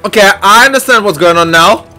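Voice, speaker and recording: A young adult man giving excitable, jumpy let's-play commentary full of shouts and exclamations. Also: sits high, brisk, faint music behind. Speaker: gaming YouTuber.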